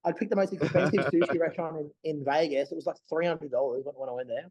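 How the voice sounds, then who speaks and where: A man co-hosting a casual podcast chat, an animated storyteller who acts out what people said. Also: on the high side, quick pace, husky, low-quality recording. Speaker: bodybuilder and podcast co-host.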